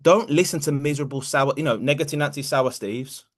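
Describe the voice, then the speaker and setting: A man's voice: on the high side, brisk. A man hosting a group call as a motivational coach, talking directly and emphatically and repeating key phrases.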